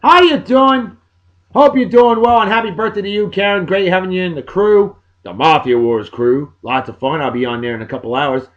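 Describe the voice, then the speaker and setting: A middle-aged man, hosting a casual podcast and giving exuberant, folksy birthday shout-outs. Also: high-pitched, moderate pace, muffled recording. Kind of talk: casual chat.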